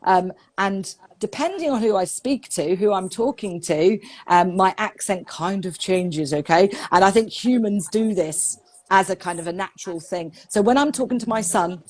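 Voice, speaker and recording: A woman's voice: mid-range voice, normal speed. Chatty southern English woman. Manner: chatty, expressive, laughs often. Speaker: English teacher guest. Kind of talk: casual live-stream conversation.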